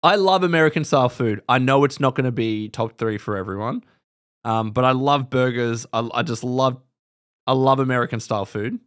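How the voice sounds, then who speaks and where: A man's voice: medium pitch, fairly quick, clear, resonant tone. A man with an Australian accent hosting a live stream, chatting casually and rambling with his viewers, swearing now and then.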